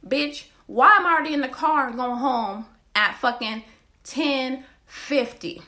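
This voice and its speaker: A woman hosting a podcast and telling a personal story in a blunt, profane, animated way. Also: sits high, a little slow. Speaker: podcast host. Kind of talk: candid storytelling monologue.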